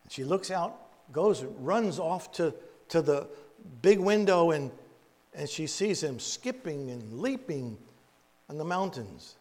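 A man preaching in a storytelling way, halting and repeating words, with folksy asides. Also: fairly high pitch, very animated, darkish tone. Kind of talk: storytelling Bible teaching. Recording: long echoey reverb.

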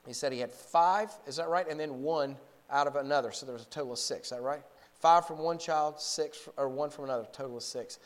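A man in his forties preaching a sermon in a fairly high voice. He tells a story plainly, stumbling and repeating words, then builds to fervent, raised exhortation. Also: fairly quick. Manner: frequent word repetitions and restarts. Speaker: pastor.

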